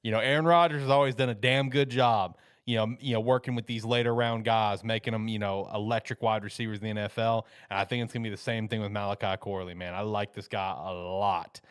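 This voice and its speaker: A man's voice: lowish voice, steady tone, quick pace, hardly any pauses, clean tone, dry recording, clean studio sound. A man co-hosting a football show, talking enthusiastically and emphatically about draft picks in casual chat.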